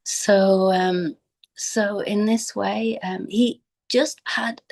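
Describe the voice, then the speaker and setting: A woman sharing a personal remembrance in an informal, halting way, with many fillers and restarts, her voice dropping at times to a near whisper. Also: medium pitch, steady tone, a little mellow, low-quality recording. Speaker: devotee giving a memorial homage.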